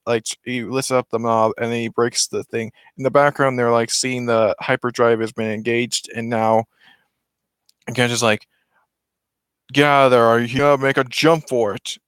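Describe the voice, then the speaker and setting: Casual man recapping a movie, rambling and excited, mid pitch, dry close sound. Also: clear, resonant tone, no room sound. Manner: rambling and excited with many restarts. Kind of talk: casual retelling of a film.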